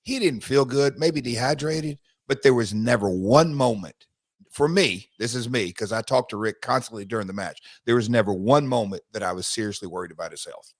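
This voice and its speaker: Animated man telling stories. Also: mid-range voice, a little fast, no room sound. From United States. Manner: animated storytelling, rambling with restarts. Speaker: podcast co-host, former wrestler. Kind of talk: casual podcast chat.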